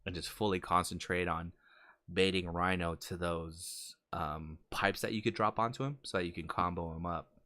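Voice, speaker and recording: A man co-hosting a casual podcast chat, telling stories with lively acted-out quotes. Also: normal speed, dry recording. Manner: animated storytelling, acts out quotes with big jumps in pitch. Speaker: podcast co-host.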